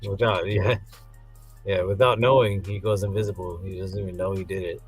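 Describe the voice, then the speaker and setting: A man's voice: low voice, fairly even intonation, a little fast, breathy edge, faint music behind. A man chatting casually about a movie in a laid-back way, agreeing and chuckling along. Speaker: podcast co-host. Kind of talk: casual movie recap chat.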